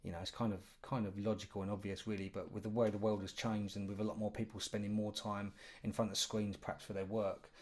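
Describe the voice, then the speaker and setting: A man's voice: on the low side, level tone, fast, hardly any pauses. A man co-hosting a podcast in casual conversation, talking at length with lots of "you know" fillers. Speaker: podcast co-host.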